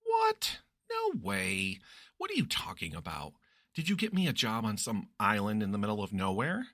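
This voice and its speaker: A man's voice: fairly low pitch, huge pitch swings, normal speed, fairly bright tone, dry recording, clean studio sound, full character voice. A man voicing a flustered young man who reacts with exasperation and disbelief. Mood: incredulous. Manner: exasperated, incredulous.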